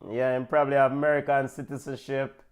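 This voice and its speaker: With a medium-pitched voice and a Jamaican accent, a football show host leads a casual watch-along. He's excitable and quick with shout-outs and big-ups.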